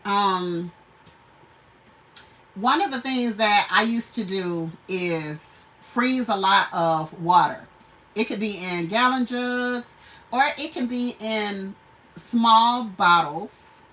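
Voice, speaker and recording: A woman's voice: medium pitch, slow pace, a bit bright, recorded from a distance, rough recording. A woman hosting a homestead channel, chatting casually on a livestream, laughing often and greeting viewers.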